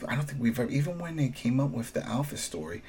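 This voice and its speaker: A man's voice: quick pace, a little hiss or hum. A man talking casually in a podcast discussion, recapping an episode and acting out lines in playful voices. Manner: animated, acts out quotes in high voices. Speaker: show reviewer.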